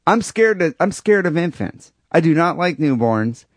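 A man's voice: a little high, very animated, moderate pace, dry recording. A man co-hosting a podcast, talking crudely and rambling in casual banter, often laughing. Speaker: podcast co-host.

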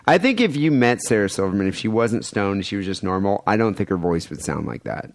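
A man on a podcast, somewhat low-pitched, talking loosely and crudely while he works through a news story. His voice is recorded very dry and close to the mic. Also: expressive, brisk, no echo. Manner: storytelling, reading a news item with joking asides. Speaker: podcast co-host. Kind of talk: casual crude podcast banter.

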